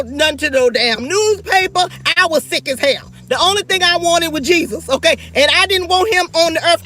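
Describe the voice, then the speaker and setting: A woman's voice: very high voice, sharp tone. A middle-aged woman, ranting fierily and profanely on her livestream and talking straight to her viewers. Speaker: livestream host. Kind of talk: livestream rant.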